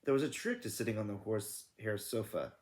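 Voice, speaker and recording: A man's voice: fairly low pitch, expressive, a little fast, darkish tone. A man reading a children's book aloud in a casual, self-correcting way, stopping to comment. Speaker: read-aloud narrator.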